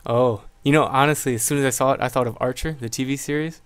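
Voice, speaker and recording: A man's voice: mid-range voice, racing, hardly any pauses, smooth, no room sound. A man running a casual live-stream tutorial on making electronic music, thinking aloud as he works and chatting with viewers. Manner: relaxed, thinks aloud while working, greets chat. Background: loud electronic music playing back.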